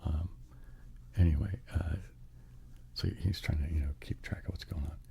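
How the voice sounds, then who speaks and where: Gravelly whispering man telling a bedtime story. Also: extremely low pitch, steady tone, moderate pace, slight background noise. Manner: rambling, with many fillers and restarts, softly whispered.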